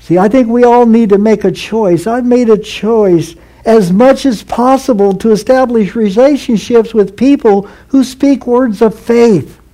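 A man preaching a sermon, earnest and measured, often repeating his phrases for emphasis. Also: extremely high pitch, warm tone, poor audio. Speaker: pastor.

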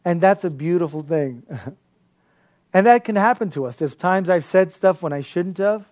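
Pastor, male, slightly high voice, animated sermon delivery with lots of laughter. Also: normal speed. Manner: animated storytelling with frequent laughter.

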